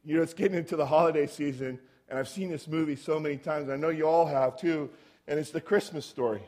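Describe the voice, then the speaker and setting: High-voiced man preaching a chatty sermon. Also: quick pace, a little mellow. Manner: storytelling, asks the audience rhetorical questions. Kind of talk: conversational sermon.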